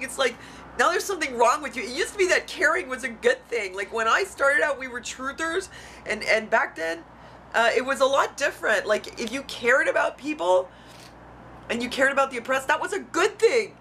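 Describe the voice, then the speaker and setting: A woman's voice: high voice, lively intonation, a little fast, pushed and bright, slight background noise. A woman venting on her video blog, outspoken and frustrated, swearing freely as she talks. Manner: heated, frustrated. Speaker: YouTuber. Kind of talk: emotional vlog rant. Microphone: camera mic.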